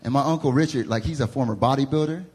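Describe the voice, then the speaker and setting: A young man with a Southern US accent, preaching a sermon to a congregation as a lively, laughing storyteller who acts out the voices in his stories. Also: mid-range voice, fast. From American South. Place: church service before a congregation.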